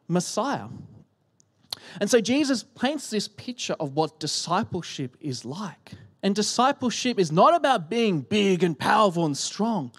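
A man preaching a sermon in a church, animated and shifting between loud emphasis and hushed whispers, speaking into a handheld microphone. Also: high-pitched, slightly rough. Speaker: pastor. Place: church hall.

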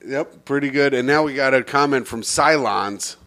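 A man's voice: medium pitch, moderate pace, sharp tone. A man hosting a comedy podcast, crude and joking as he reads listener reviews aloud. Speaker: podcast host. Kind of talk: casual comedic chat.

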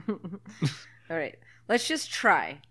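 A woman co-host riffing casually on a movie, her voice sitting on the low side. She bounces up and down in pitch a lot, laughs easily and drops curse words without a second thought. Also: big pitch swings, very slow, sharp tone. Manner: laughing often, swearing freely. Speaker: podcast co-host. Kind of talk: casual movie commentary chat.

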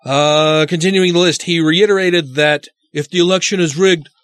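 A man's voice: a little high, steady tone, normal speed, a bit bright, clear, resonant tone, no room sound. A man hosting a podcast, reading news items and giving profane, indignant commentary. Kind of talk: casual chat.

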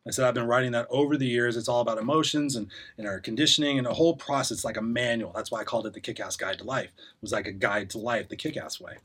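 A man's voice: mid-range voice, steady tone, fairly bright tone, husky. A man talking as a podcast guest, telling a long story in a blunt, sarcastic way with many restarts. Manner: fast, rambling storyteller with frequent restarts. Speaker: podcast guest, life coach. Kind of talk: casual conversation.

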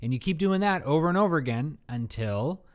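A man's voice: on the high side, expressive, a little fast. A man co-hosting a board game podcast, chatting casually in a joking, rambling, self-mocking way. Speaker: podcast co-host. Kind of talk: casual chat about board games.

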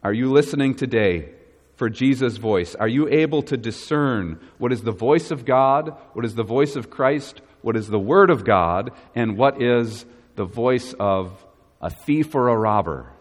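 A man's voice: mid-range voice, animated, unhurried. Man preaching in a reverberant church. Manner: earnest preaching with repeated questions to the congregation. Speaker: pastor. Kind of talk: sermon.

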